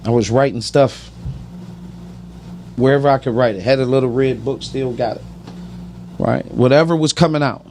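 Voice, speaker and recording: A man's voice: medium pitch, moderate pace, long pauses, a little mellow, a little hiss or hum. A man giving emphatic, preachy personal testimony on a podcast, often asking "right?".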